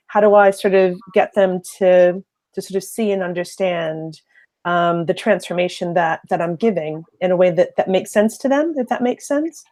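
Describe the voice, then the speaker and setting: A woman from Philadelphia with a mid-Atlantic accent, a spiritual coach calling in with a question, speaking thoughtfully with many pauses and ums. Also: fairly low pitch, darkish tone. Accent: mid-Atlantic, American mixed with British. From Philadelphia, United States. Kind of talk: live call-in question.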